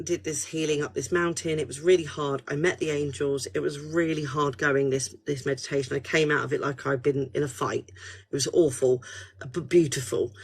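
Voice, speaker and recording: A woman hosting a casual live stream as a spiritual counsellor, chatty and animated, swearing freely as she talks. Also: on the low side, husky.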